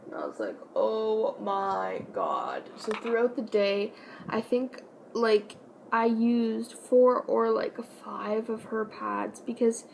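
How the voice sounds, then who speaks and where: A young woman casually telling a personal story on her vlog, chatty and animated, with lots of fillers. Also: fairly high pitch, vocal fry, slight background noise, rough recording. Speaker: vlogger.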